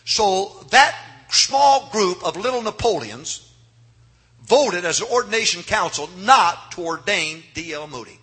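A man preaching a revival sermon in a church, swinging from hushed asides to shouts. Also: sits high, husky. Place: church sanctuary.

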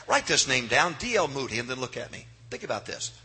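Preacher guy, husky high voice, real bright, goes quiet then hollers. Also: very animated, a little fast. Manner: swings from hushed to shouting. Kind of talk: revival sermon. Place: church sanctuary.

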